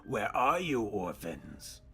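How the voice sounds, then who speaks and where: A man voicing a sinister, scratchy-voiced male villain in a storybook reading, slow and menacing, with faint music behind. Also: fairly low pitch, sing-song, gravelly, a bit bright, pitched below the performer's own voice, heavily acted. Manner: slow, looming, menacing delivery. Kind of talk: storybook read-aloud.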